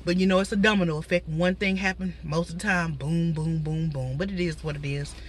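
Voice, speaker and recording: A woman's voice: on the low side, fairly even intonation, brisk, a little hiss or hum. A woman vlogger chatting casually to her viewers from inside a parked car. Her voice is slightly stuffy from a cold, and she talks straight to the audience with lots of asides. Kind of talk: casual talking mukbang chat.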